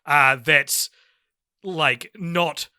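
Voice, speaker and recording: A man co-hosting a film podcast, talking in an excitable, incredulous way with stammering restarts. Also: a little high, very slow, no echo, studio quality. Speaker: podcast co-host. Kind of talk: casual film review chat.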